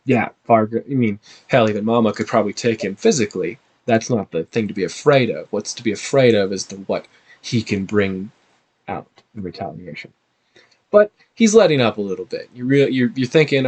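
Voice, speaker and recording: A man narrating a tabletop game as game master, animated and halting. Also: on the low side, husky.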